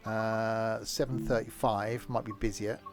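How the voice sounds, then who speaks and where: A man's voice: lowish voice, flat delivery, a little slow, over music. A British man chatting casually as he streams a train game, rambling into asides. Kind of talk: casual gameplay commentary.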